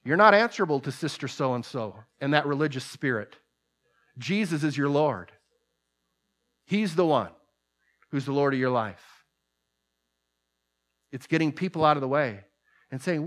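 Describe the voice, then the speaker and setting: A man preaching a sermon, who rises to loud, emphatic peaks and then drops to soft, low asides. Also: lively intonation, moderate pace, long pauses.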